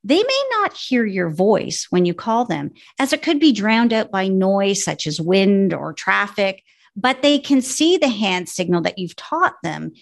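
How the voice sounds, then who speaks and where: Gravelly-voiced woman dog trainer. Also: mid-range voice. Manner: steady, explanatory teaching tone. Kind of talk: instructional podcast chat.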